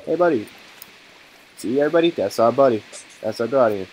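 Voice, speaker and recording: A man's voice: medium pitch, lively intonation, fairly quick, noisy background. A man giving casual, joking commentary over his game video and talking to his viewers. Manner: joking, laughs often, talks to viewers. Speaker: gaming video host.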